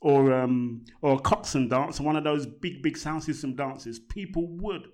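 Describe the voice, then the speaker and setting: An older man, a podcast guest telling rambling, relaxed stories and laughing along the way. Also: medium pitch, measured pace. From South London. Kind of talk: casual conversational storytelling.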